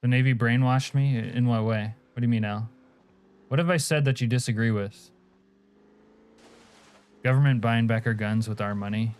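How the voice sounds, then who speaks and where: Profane joking streamer from Alaska. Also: male voice, mid-range voice, steady tone, normal speed, long pauses, darkish tone, smooth. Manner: profane, joking, answers chat, laughs often. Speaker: game streamer. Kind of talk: casual live-stream chat.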